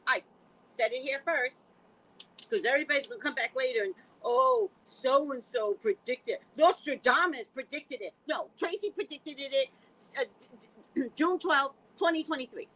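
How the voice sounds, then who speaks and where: A middle-aged woman with a New York accent, hosting a casual talk show with animated, comic storytelling. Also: high-pitched, moderate pace, poor audio. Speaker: show host.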